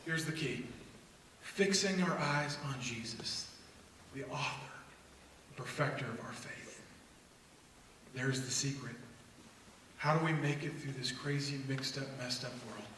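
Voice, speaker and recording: A middle-aged man giving an energetic faith talk to young people, with loud bursts and low, intense asides. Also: a little slow, long pauses, a little hiss or hum. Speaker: speaker at a youth faith event. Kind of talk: energetic motivational talk to students. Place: church hall. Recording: echoey hall recorded from far off.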